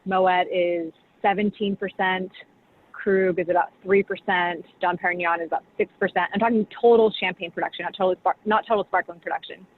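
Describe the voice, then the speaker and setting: A woman's voice: fairly low pitch, steady tone, fairly quick. Chatty woman on a tinny video call. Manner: chatty, full of "like" and "you know". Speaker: champagne brand director, guest. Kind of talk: casual explanatory talk. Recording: tinny video call audio with faint hiss.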